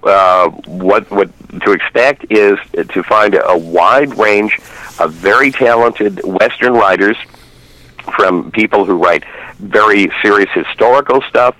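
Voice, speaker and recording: A man's voice: on the low side, fairly bright tone, no room sound, rough recording. A middle-aged man calling in as a guest, chatting eagerly about western films with many fillers and restarts. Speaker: phone-in guest, western film reviewer. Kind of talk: casual chat.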